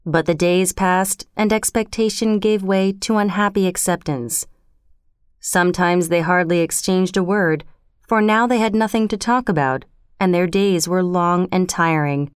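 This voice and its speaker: A woman narrating an audiobook in a measured, expressive reading. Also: lowish voice, clear, resonant tone, no echo, studio quality.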